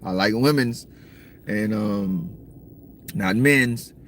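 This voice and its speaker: A man from the States, rambling through a casual livestream chat, slangy and cursing freely while he shouts out viewers. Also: lowish voice, extremely slow, a little hiss or hum. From Southern United States. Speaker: livestream host. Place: in a car at times.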